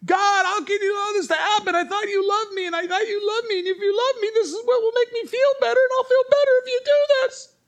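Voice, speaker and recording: A whiny grown man nags and pleads in a shrill, high, loud voice, as a preacher puts him on. He sounds petulant and self-pitying, with his voice stretched well above the preacher's usual pitch. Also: fairly even intonation, fast. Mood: whining.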